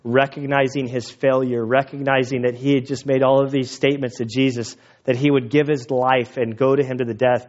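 Speaking fairly quickly with hardly any pauses, the man has a mid-range, slightly mellow voice and little pitch movement, captured on dull audio. He's a pastor preaching outside to a church gathering, telling stories conversationally with occasional emotion.

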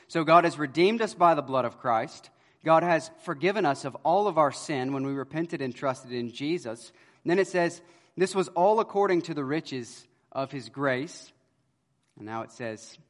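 A pastor delivers an earnest sermon, his fairly high voice swelling loud on key words and then falling to a hush. His words carry a long reverb that rings through a church sanctuary. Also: animated, normal speed.

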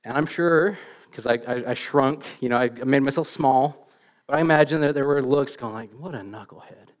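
A middle-aged man preaching a sermon in church, telling stories with animated, self-deprecating humor and frequent restarts. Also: mid-range voice, normal speed. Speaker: pastor.

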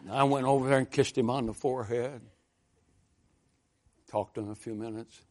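Folksy preaching man, rising to fervent shouts. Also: mid-range voice, steady tone, moderate pace. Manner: folksy storytelling that builds to loud fervent exhortation. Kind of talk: sermon.

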